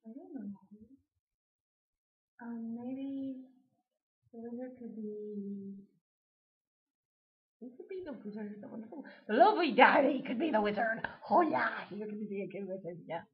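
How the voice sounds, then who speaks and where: A woman's voice: fairly high pitch, expressive, slow, long pauses. A woman chatting casually to camera, rambling and giggling as she answers a question tag. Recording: dull lo-fi webcam audio.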